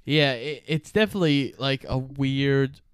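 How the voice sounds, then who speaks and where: A man co-hosting a podcast, chatting about a movie with relaxed, wry comments. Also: mid-range voice, measured pace, clear, resonant tone, no echo, clean studio sound. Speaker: podcast co-host. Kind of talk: casual movie chat.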